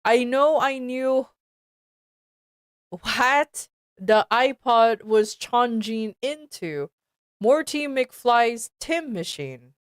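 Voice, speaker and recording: A woman's voice: fairly high pitch, animated, drawn-out words, smooth, dry recording, studio quality. A woman streamer reading a fan fiction aloud with commentary, stumbling over words and sounding exasperated.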